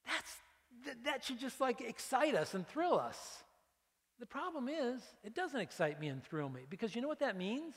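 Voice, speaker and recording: A male pastor giving a conversational, animated sermon, acting out prayers and dropping into hushed asides. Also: very high voice, normal speed, big-room sound. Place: church sanctuary.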